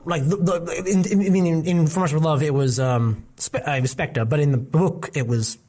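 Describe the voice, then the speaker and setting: A man's voice: fairly high pitch, fairly even intonation, brisk, mellow. A young man with a slightly raised voice talks through his opinions in loose, casual podcast chat. He rambles, restarts his sentences and fills the gaps with "um" and "like". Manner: rambling, many fillers and restarts. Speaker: podcast co-host.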